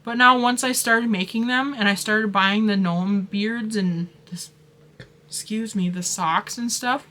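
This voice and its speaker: A woman's voice: medium pitch, fairly even intonation, unhurried, bright, forceful tone. A woman craft vlogger chatting casually about her haul, gushing and rambling with lots of fillers and restarts.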